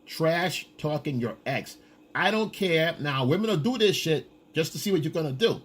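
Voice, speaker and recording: Husky guy lecturing on dating, blunt and swears a lot, kinda high voice. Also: lively intonation, normal speed. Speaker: dating coach. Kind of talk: casual coaching monologue.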